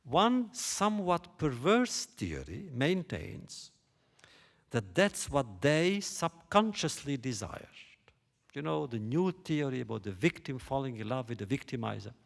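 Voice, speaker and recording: Slow, questioning male lecturer. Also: medium pitch, big pitch swings, gravelly. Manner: rhetorical questioning, deliberate. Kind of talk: lecture on biblical text. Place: lecture hall stage.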